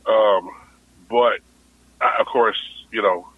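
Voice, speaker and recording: A man's voice: lowish voice, steady tone, slow pace, slightly rough, dry recording. A man co-hosting a podcast, chatting in an easygoing, agreeable way. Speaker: podcast co-host. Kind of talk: casual chat. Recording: tinny phone-like line.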